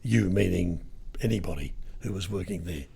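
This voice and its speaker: Husky older Australian raconteur. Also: male voice, sits low, moderate pace, mellow. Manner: rambling storyteller, lots of ums and restarts. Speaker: retired radio broadcaster, guest. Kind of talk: anecdotal interview chat.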